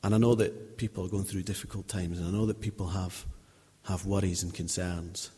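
A man in his thirties tells stories from the pulpit in an informal sermon, circling back and restarting as he talks. His voice sits low and a little husky. The church gives it a long, ringing reverb. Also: fairly even intonation, fairly quick, mellow. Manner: chatty, anecdotal, many restarts. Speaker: lay preacher.

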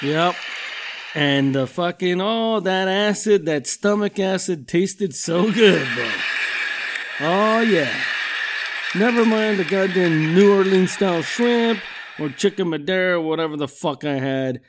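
A middle-aged man with a fairly high voice for a man runs through a comic rant on his podcast. He swears constantly and wanders from story to story in a loose, rambling way. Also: lively intonation, measured pace, noisy background. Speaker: podcast host. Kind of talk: comedic rant monologue.

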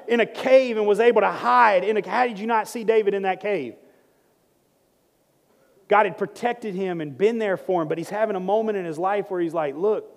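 High-voiced pastor preaching in a reverberant sanctuary. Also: male voice. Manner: reads scripture slowly, builds to rising emphatic preaching. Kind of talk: sermon. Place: church sanctuary. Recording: long hall reverb.

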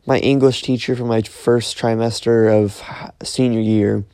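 A man's voice: mid-range voice, level tone, unhurried, mellow, no echo, studio quality. A young man casually retelling a dream, rambling with lots of fillers and restarts. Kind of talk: casual storytelling, recounting a dream.

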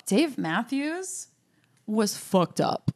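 A woman's voice: on the high side, very animated, drawn-out words, a little mellow. A young woman doing a stand-up comedy set on a podcast, telling a story with a lot of laughter and voiced asides.

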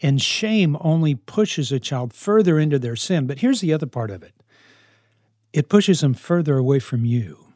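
A man's voice: on the high side, expressive, normal speed, dark tone, no echo, clean studio sound. A man who lives with and mentors teenagers gives earnest advice to parents, often repeating himself for emphasis. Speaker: houseparent to high school kids.

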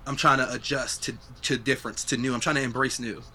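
A man's voice: medium pitch, steady tone, fast, bright, forceful tone, a little hiss or hum. A young adult man hosting a podcast, chatting casually and reflectively, swearing freely. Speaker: podcast host. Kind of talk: casual chat.

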